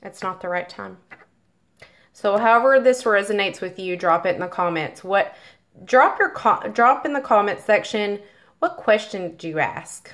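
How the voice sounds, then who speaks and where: A woman doing a casual tarot reading in a mid-pitched voice. She chats directly to her viewers and reads passages from a guidebook aloud. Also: animated, moderate pace, a bit bright. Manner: chatty, talks directly to viewers. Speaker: tarot card reader.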